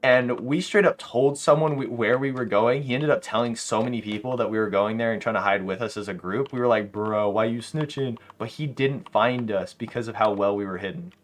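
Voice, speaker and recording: A young man streaming a game late at night, chatting casually to his viewers and telling animated, slangy stories. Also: medium pitch, brisk, few pauses. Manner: animated storytelling, slangy, laughs often. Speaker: live streamer. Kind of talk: casual livestream chat while gaming.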